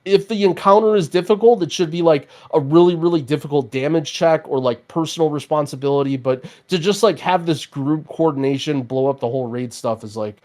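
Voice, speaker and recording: A man's voice: fairly high pitch, a little fast, hardly any pauses, a little mellow. A young man co-hosting a gaming podcast, ranting in casual chat with lots of restarts and fillers. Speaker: podcast co-host.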